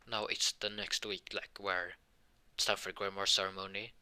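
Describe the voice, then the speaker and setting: Tired young male storyteller, low bright voice, rambling improvised fan story delivery. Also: little pitch movement, normal speed, clean tone. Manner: rambling, hesitant, many restarts.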